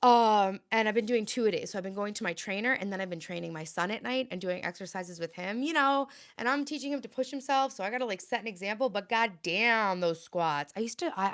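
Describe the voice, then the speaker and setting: A woman's voice: medium pitch, creaky. A woman in her late thirties, hosting a casual livestream and chatting and rambling as she reads viewer comments aloud. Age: 30s. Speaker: livestream host.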